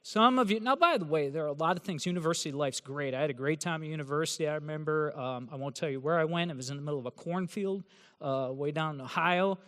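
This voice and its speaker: A man with a fairly high, resonant voice gives a joking talk to a room of new students. He teases them in a sarcastic way, and his words ring out with the long reverb of a big hall. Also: quick pace, a bit bright. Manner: sarcastic, teasing, joking delivery. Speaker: university professor. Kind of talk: humorous address to new students. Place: large hall with an audience.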